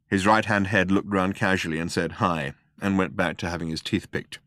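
A man narrating a comic science-fiction story in a measured, wry way. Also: low voice, steady tone, a bit bright, dry recording, clean studio sound. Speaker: audiobook narrator. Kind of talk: scripted narration.

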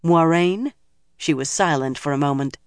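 Audiobook narrator, calm steady fantasy reading, dead dry studio sound. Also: mid-range voice, moderate pace, no echo.

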